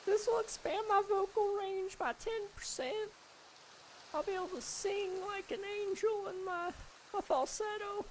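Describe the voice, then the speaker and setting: A man doing a falsetto old lady. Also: fairly even intonation, unhurried, a little hiss or hum, poor audio. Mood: chatty. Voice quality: high falsetto. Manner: chatty, apologetic, answers chat as he goes. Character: sweet, sour old lady. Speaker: streamer. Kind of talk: live stream chat.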